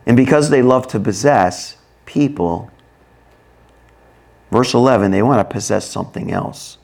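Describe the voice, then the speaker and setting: A man's voice: mid-range voice, measured pace, vocal fry, a little mellow. A man preaching a sermon, reading scripture aloud and explaining it, asking the congregation questions. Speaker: pastor.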